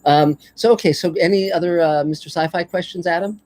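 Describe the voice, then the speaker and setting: A man hosting a live video call chat, relaxed and affirming, often answering with short acknowledgements. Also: sits high, a little fast, a little hiss or hum. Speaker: host of a live show.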